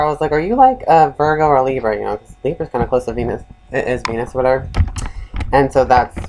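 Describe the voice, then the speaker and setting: A man, a self-styled psychic vlogger, telling a personal story in a meandering, animated way, swinging between louder and softer passages. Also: mid-range voice, low-quality recording.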